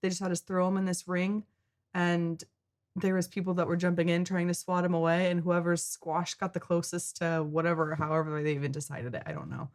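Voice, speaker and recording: An American woman with a lowish voice chats casually while reacting to a video. She is playful and rambles through her stories. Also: fairly quick, a little mellow. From United States. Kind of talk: casual chat.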